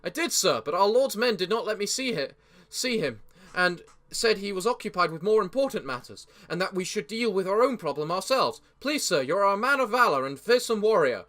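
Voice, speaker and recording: A man voicing a frightened male villager pleading for help in an earnest, soft voice. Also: high-pitched, very animated, a little fast.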